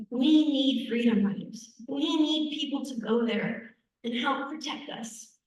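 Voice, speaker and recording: High-voiced woman telling a story in an echoey hall. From United States. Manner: conversational, vivid storytelling with repetitions for emphasis. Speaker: invited speaker. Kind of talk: personal storytelling talk. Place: church hall. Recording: echoey hall, speaker far from mic.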